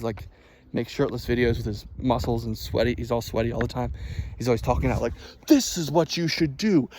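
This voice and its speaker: A man's voice: medium pitch, darkish tone, slight background noise. A man rambling casually as he walks along a road outdoors, laughing at himself as he talks. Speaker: vlogger. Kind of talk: casual walking vlog monologue.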